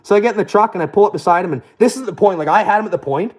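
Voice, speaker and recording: A man's voice: high voice, animated, very fast. A young man telling profane, boastful stories in a casual rant.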